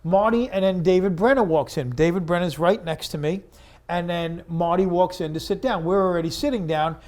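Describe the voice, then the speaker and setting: A man from Long Island, a guest comedian telling an anecdote in an animated way. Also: sits high, fairly quick. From Long Island, New York. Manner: animated, acts out other people's lines. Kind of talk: storytelling anecdote.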